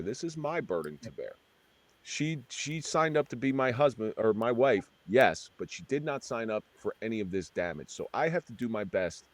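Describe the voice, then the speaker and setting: A middle-aged man with a very deep voice speaks about his past in an interview, earnest and halting, often restarting mid-sentence. The sound is dry and close, with no room around him. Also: no echo. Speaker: former police officer, podcast guest. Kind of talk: candid interview storytelling.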